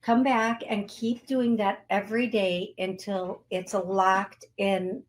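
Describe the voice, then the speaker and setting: A woman in the middle of her range speaks very slowly as she guides an energy clearing. Her tone is soothing and affirming, and she repeats short phrases as she works. The pacing is unhurried throughout. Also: mid-range voice, fairly even intonation. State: briefly tearful. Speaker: psychic medium show host.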